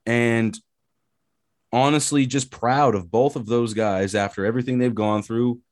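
A man's voice: medium pitch, measured pace, no room sound, clean studio sound. A man co-hosting a casual sports talk show, ranting with energy and plenty of swearing. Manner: animated, profane ranting. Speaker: podcast co-host.

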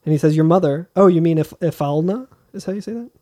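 Higher-voiced man recapping a game. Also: warm tone. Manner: reads game lines aloud in quick impressions. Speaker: podcast co-host. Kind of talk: casual chat recapping a game.

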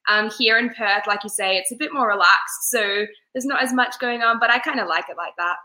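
Bright, giggly woman with a stuffy nose. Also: fairly high pitch, brisk, rough recording. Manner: giggly, lots of ums. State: nasal from a cold. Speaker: interview guest, pageant director. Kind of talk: casual interview chat.

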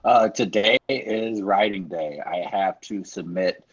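Low-voiced co-host spinning deadpan bits. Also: male voice, slow, husky, highs cut off. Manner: deadpan absurd storytelling. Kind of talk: comedic talk-show bits.

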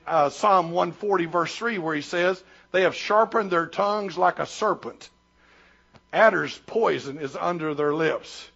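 A man in his sixties, a pastor preaching a sermon with passion, rising loud then dropping to a hush. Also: fairly high pitch, dull audio. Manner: impassioned preaching, swings between loud and hushed.

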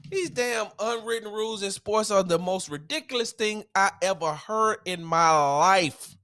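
A man's voice: high voice, unhurried, bright, forceful tone. Man ranting as sports podcast host. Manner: heated, emphatic ranting with slang. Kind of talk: solo sports opinion podcast.

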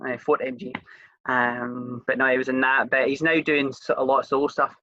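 Scottish host, rambling casual interviewer, crisp bright tone, dry slightly lo-fi sound. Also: medium pitch, little pitch movement, fairly quick, no echo. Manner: chatty, rambling, many fillers and restarts.

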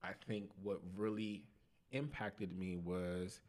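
A young man on a podcast, telling his life testimony in casual slang, animated and laughing at himself. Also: sits low, takes it slowly. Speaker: podcast guest.

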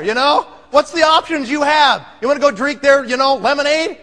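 A man's voice: extremely high pitch, moderate pace, hardly any pauses, bright, forceful tone. A man giving an emphatic, pumped-up motivational talk to a live audience, firing off rhetorical questions. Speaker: motivational speaker. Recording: long hall reverb.

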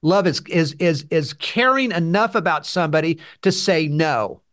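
A man co-hosting a podcast in casual conversation, with a high-pitched voice. He speaks bluntly and sticks firmly to his views. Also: lively intonation, normal speed, a bit bright. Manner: firm, blunt opinions. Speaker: podcast co-host.

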